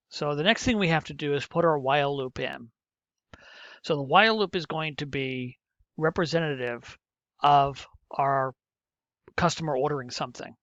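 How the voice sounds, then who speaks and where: A man's voice: on the high side, fairly bright tone, dry recording. A middle-aged male teacher walking through a programming lesson step by step, muttering to himself as he types. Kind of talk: screen-recorded coding lesson. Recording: muffled, dull lo-fi mic.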